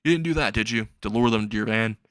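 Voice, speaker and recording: A man's voice: on the low side, fast talker, fairly bright tone, no echo, lightly acted. A man voicing a jumpy, sarcastic teenage boy training to be a hero, blurting and stammering his retorts. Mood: mocking.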